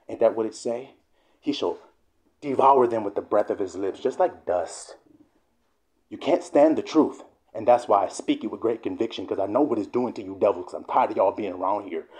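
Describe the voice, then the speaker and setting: A man preaching a fiery, profane sermon, swearing often and sometimes shouting. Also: lowish voice.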